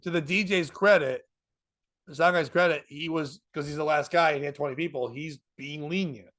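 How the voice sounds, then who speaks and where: Male comedian podcast host, slightly raised pitch, animated, profane storyteller. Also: fairly quick. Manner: animated, laughs through his story, acts out other people's lines; swears freely. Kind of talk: casual storytelling chat.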